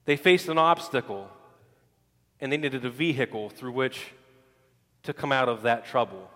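A man's voice: mid-range voice, moderate pace, sharp tone. A male pastor preaching a sermon in a church, talking in a preacherly way that repeats phrases and restarts them. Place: church sanctuary. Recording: long hall reverb.

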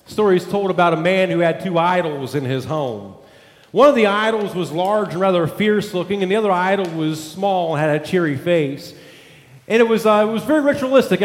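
A man's voice: high-pitched, echoey room, big-room sound. A male pastor preaching a sermon, emphatic, building points through repeated lists.

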